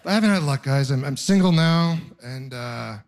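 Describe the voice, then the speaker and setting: A man's voice: mid-range voice, expressive, normal speed, noisy background. A young man doing a stand-up comedy set, telling wry rambling stories and mocking himself. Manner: wry, rambling storytelling with self-mocking asides. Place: live comedy venue with audience laughter.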